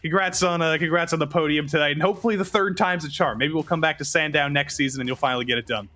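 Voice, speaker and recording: A man's voice: a little high, fast talker, pushed and bright. A man interviewing drivers after a race, asking questions in a playful, upbeat way. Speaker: pit reporter interviewing drivers.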